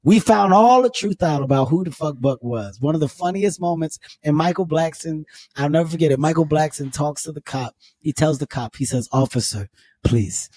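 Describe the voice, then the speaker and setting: A man hosting a podcast, telling a profane, animated story in casual chat. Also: fairly high pitch, a little fast, hardly any pauses, no echo. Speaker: podcast host.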